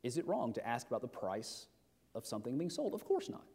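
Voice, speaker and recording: A man's voice: mid-range voice, huge pitch swings, a little fast, darkish tone, husky. A middle-aged man preaching a sermon as pastor, talking conversationally with rhetorical questions and frequent restarts. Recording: long hall reverb.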